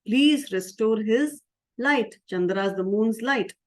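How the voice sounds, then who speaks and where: A woman's voice: a little high, slow. A woman storyteller voicing a group of worried gods who plead and sound alarmed.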